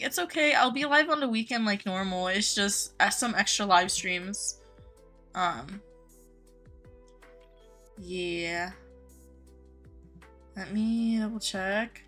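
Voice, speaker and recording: A woman's voice: mid-range voice, takes it slowly, long pauses, bright, forceful tone, faint music behind. A young woman live-streaming a game, chatting casually with viewers, greeting them by name and gushing over cute things.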